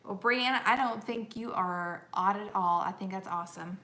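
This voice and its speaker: A woman with a Southern lilt chats easily through a homestead live stream, reading comments out and laughing along. Her voice is bright and clear. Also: mid-range voice, moderate pace. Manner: reads viewer comments aloud, laughs often. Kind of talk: casual live-stream chat.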